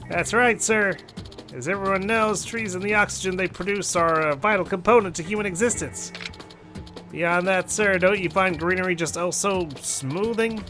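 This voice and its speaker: A man putting on an overeager street petitioner with a raised, salesy, wheedling voice. He flatters with exaggerated politeness and a bright, pushy edge. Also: high voice, normal speed, faint music behind, pitched above the performer's own voice.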